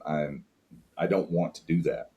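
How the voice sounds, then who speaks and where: A man's voice: very deep voice, normal speed, warm tone. A man, a podcast guest and father, talking earnestly and openly in a reflective interview, with frequent restarts. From United States. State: tearing up at times.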